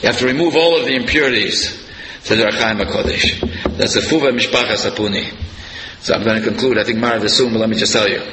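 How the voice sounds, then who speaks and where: A man giving a sermon-style Torah lecture, telling stories and jumping up in pitch for emphasis. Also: quick pace. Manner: animated storyteller, voice leaping up for emphasis. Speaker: rabbi giving a Torah class. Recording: echoey hall, faint room noise.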